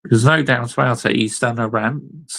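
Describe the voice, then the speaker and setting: A man's voice: medium pitch, moderate pace, creaky, fairly bright tone, poor audio. A young man hosting a casual football reaction chat, laid-back and amused. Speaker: host.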